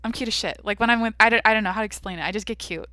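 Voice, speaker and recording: A woman's voice: mid-range voice, very fast, pushed and bright, no room sound, studio quality. A young woman hosting a daily podcast alone, talking in a brash, blunt, profane, casual way. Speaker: podcast host. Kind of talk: casual solo podcast chat.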